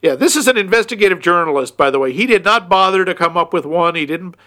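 A man co-hosting a casual film review chat, wry and quick with asides, often chuckling. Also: sits high, lively intonation, bright, forceful tone. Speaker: podcast co-host.

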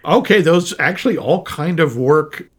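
A man hosts a relaxed movie podcast, reading out listener comments and tossing in dry jokes. His voice sits a little high for a man and moves around a lot as he talks. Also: normal speed, husky. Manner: jokey, reads listener comments aloud with wry asides. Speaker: podcast host. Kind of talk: casual movie podcast chat.

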